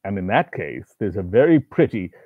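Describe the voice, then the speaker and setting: A man's voice: lowish voice, sing-song, normal speed, husky, dry recording, pitched below the performer's own voice. A man voicing a contemptuous male demon who tempts and taunts, with a harsh, grating manner, over a tinny phone-like recording. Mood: coaxing. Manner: taunting, coaxing, scornful. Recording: tinny phone-like dry sound.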